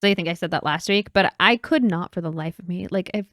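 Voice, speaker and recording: A woman co-hosting a podcast, reacting in casual chat with an animated, swearing manner. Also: on the low side, quick pace, dry recording, clean studio sound. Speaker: podcast co-host.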